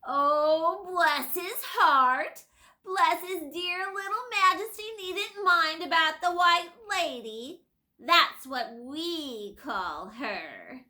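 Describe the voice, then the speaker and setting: Shrill, wheedling old hag, sly and fawning, high and slow, read by a woman. Storybook villain. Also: pushed and bright, heavily acted. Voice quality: shrill, whining. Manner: wheedling, drawn-out.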